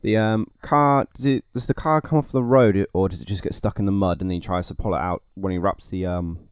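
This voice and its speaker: A man's voice: low-pitched, a little fast, clean tone, no echo, clean studio sound. A man co-hosting a casual podcast, easygoing and full of questions. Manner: easygoing, questioning, laughs easily. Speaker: podcast co-host.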